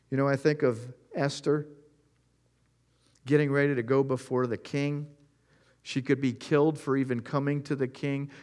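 A man's voice: mid-range voice, a little mellow. A man preaching a sermon, retelling Bible stories and speaking earnestly to the listeners. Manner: storytelling, acting out Bible scenes in quoted voices; earnest, addresses listeners directly. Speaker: pastor.

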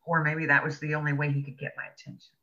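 Talking fast in a low-pitched, level, sharp-toned voice, a woman author recounts a personal story on an interview show. She stays earnest and laughs between thoughts, and the recording is dull and lo-fi.

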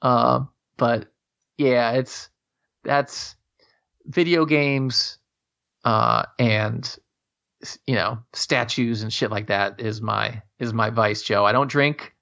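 A man's voice: medium pitch, slow pace, gravelly, sharp tone. A man telling long casual stories in a rambling way, with many restarts and casual swearing. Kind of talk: casual storytelling chat. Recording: dull lo-fi audio.

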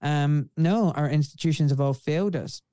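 A man's voice: fairly high pitch, normal speed, dark tone, smooth, no room sound. A man in his forties with a refined Scottish accent, a guest speaking earnestly and outspokenly in a casual interview. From Scotland. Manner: earnest, outspoken, frequent "you know". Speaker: guest, surgeon.

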